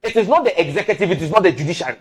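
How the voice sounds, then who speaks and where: Emphatic, animated Ghanaian man debating. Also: sits high, racing, husky. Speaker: member of parliament guest. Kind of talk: heated political debate.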